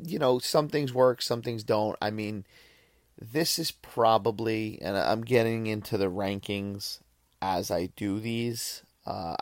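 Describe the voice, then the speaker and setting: The speaker is a male podcast host giving a rambling film review full of swearing and restarts. His voice is lowish with vocal fry, recorded cleanly in a studio with no echo.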